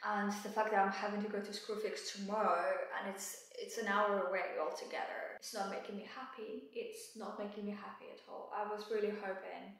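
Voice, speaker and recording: A woman's voice: mid-range voice, little pitch movement, a little fast, few pauses, fairly bright tone, distant mic. A woman vlogging her house renovation, talking anxiously and venting her frustration with frequent swearing. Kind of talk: casual vlog talk to camera. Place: house under renovation, indoors. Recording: very echoey empty room, from afar, with music.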